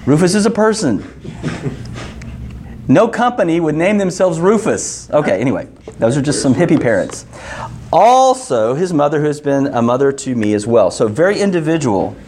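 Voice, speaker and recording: A man's voice: a little high, animated, brisk, a little mellow, slight background noise. A male pastor preaching a sermon in a casual, joking tone, counting off numbered points and reading scripture.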